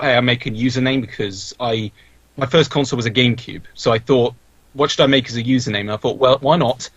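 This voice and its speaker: A man's voice: medium pitch, slightly rough, no room sound. A young man, a podcast guest, talking casually and rambling with many restarts and fillers. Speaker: podcast guest, video creator. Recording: dull, dry lo-fi mic.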